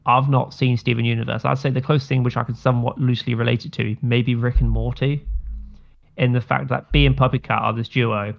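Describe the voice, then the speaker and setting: A man's voice: medium pitch, level tone, a little fast, gravelly. A man co-hosting a casual podcast live stream, rambling enthusiastically and swearing now and then. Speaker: podcast co-host. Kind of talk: casual chat. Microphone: streamed call mic.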